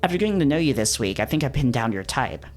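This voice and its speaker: A tipsy collie with no filter gushes with bubbly eagerness, as a man reads him out. The voice sits at a middling pitch. Quiet guitar music plays underneath. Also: sing-song, fast, natural voice. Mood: giddy.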